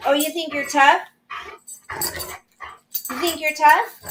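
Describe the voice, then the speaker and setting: High-pitched woman cooing at her dog. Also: fairly even intonation, slow pace, pauses often, noisy background. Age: older. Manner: playful baby talk to her dog, laughing often. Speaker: live stream host. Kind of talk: casual live stream chat.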